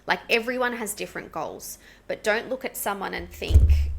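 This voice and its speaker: An Australian woman, an English pronunciation coach, explaining her teaching earnestly and practically in an interview, slowing down to demonstrate word stress. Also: medium pitch, gravelly, music in the background. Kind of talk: explanatory casual interview talk.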